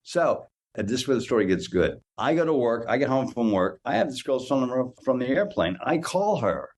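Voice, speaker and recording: A man in his sixties, a guest on an interview podcast, telling anecdotes in a lively way and often repeating words as he goes. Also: medium pitch, a little fast. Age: 60s. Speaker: guest actor. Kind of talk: casual interview storytelling.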